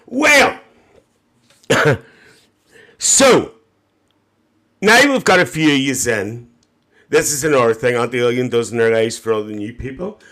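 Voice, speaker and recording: A man's voice: medium pitch, lively intonation, unhurried, pauses often, a bit bright. A gossiping, bawdy middle-aged auntie, played by a man, with a broad Northern Irish accent. She chats cheekily to her live-stream viewers and calls everyone dear and love. Her voice sits in a middle register and comes through a phone mic. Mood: cheeky gossip. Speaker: TikTok live host. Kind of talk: live-stream comedy character chat.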